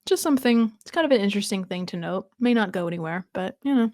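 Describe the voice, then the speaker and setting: A woman chats on a rewatch podcast in a mid-range voice, recapping scenes and musing aloud with quick restarts and laughs. Her voice sits close and dry on the mic, with no room sound around it. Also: mid-range voice, expressive, darkish tone, no echo. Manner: chatty, thinking aloud with frequent restarts and laughs. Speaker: podcast co-host. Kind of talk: casual rewatch podcast chat.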